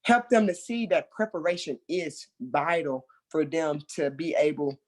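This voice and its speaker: A mentor trainer talks through a training session in a loose, conversational way. The delivery is animated, with remembered quotes acted out loudly and laughter between points. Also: mid-range voice, unhurried.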